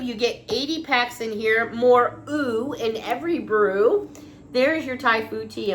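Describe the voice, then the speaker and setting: A woman's voice: on the high side, a bit bright, slight background noise. A woman vlogger from the United States chatting casually and gushing over a haul of British sweets. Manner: gushing, chatty, emotional about British treats. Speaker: vlogger showing a shopping haul. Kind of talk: casual chat.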